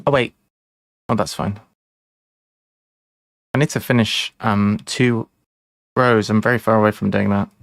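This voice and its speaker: A man's voice: lowish voice, fairly even intonation, measured pace, gravelly, pauses often, no echo, clean studio sound. A man streaming a board game live, chatting casually, rambling and laughing at his own mistakes. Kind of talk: casual live-stream chat while playing.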